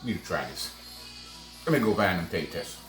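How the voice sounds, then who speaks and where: Deep-voiced, folksy baking host. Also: male voice, sing-song, fairly quick, a bit bright. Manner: folksy and exclamatory, calls viewers baby and sweetheart. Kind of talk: casual cooking vlog chat. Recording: echoey room, faint music behind.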